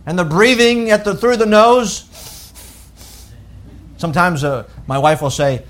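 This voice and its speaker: A middle-aged pastor preaching in a loose, conversational way, often restarting his phrases. His voice sits notably high for a man. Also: animated, unhurried. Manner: conversational preaching, paraphrasing scripture in plain speech, with verbal restarts. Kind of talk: sermon.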